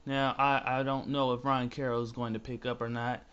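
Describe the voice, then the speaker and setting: A man's voice: medium pitch, level tone, a little fast, a bit bright, smooth, dull audio. Hesitant, formal podcast host man. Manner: formal phrasing with hesitant fillers. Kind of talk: podcast hosting.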